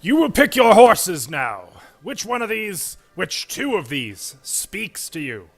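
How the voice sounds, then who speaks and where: A man's voice: high-pitched, very animated, slow pace, creaky, pitched above the performer's own voice, full character voice. A man voicing a shrewd Vistani horse trader who speaks formally and bargains hard. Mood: proud.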